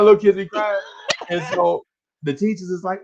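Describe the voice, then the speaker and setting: A man, co-hosting a podcast and telling an animated story in casual chat. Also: high-pitched, brisk, muffled recording, noisy background. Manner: animated storyteller, acts out voices, laughs along. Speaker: podcast co-host.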